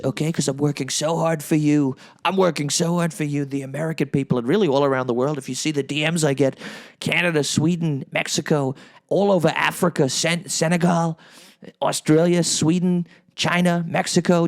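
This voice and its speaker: A man's voice: on the high side, natural voice. A male comedian doing a rambling, boastful impression of an older former president who says he is losing his voice. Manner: rambling, boastful, repeats phrases.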